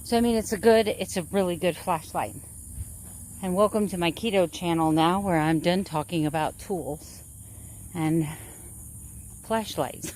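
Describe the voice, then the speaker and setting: A middle-aged woman vlogs in a relaxed, chatty way, with a voice that sits a little low for a woman. She rambles and corrects herself mid-sentence as she talks to her viewers. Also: a little slow, pauses often, a little hiss or hum. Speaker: vlogger. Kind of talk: casual chat.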